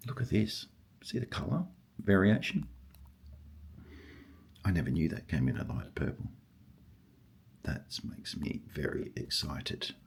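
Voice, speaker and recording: Older male hobby vlogger, husky, deep and gravelly, excitable muttering to himself. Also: unhurried, pauses often, slight background noise. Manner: excitable, murmurs and exclaims to himself. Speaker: stamp collector. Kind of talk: casual vlog, thinking aloud while sorting.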